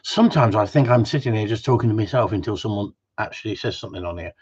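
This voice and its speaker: Husky man rambling on a stream. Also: on the low side, fast talker, a little mellow. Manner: rambling and joking, answering viewers' comments. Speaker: dog trainer hosting a live stream. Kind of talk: casual live-stream chat. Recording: dull lo-fi stream audio.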